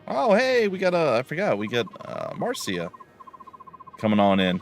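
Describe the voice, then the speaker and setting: A man's voice: mid-range voice, huge pitch swings, moderate pace, vocal fry, soft background music. A man streaming a game live, chatting casually and rambling with many fillers as he plays. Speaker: let's play streamer.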